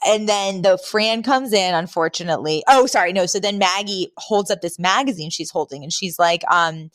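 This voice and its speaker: A woman co-hosting a podcast, casually retelling scenes and jumping into higher voices for the quotes. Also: normal speed, fairly bright tone, no room sound. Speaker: podcast co-host. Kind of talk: casual recap chat.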